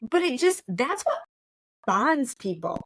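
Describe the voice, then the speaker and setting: A middle-aged woman hosting a podcast, chatting in a lively, storytelling way with quick asides. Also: high voice, slightly rough, dry recording. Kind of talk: casual conversation.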